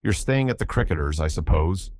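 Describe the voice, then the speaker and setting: A man as a wry, teasing gentleman. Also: low voice, animated, fairly quick, slight background noise. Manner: dry and teasing. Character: wry, easygoing young gentleman adventurer.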